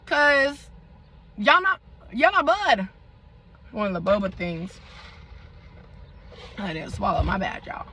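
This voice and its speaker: A young woman vlogger telling a storytime in a dramatic, animated way, full of slang and asides to her viewers. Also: mid-range voice, slow pace, long pauses, breathy edge, rough recording. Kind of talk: storytime vlog.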